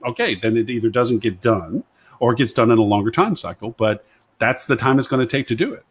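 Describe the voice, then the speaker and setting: A man's voice: medium pitch, expressive, a little fast, husky. A man on a live web panel show, chatting casually and rambling, often repeating himself and retelling conversations. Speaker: agency consultant and show panelist.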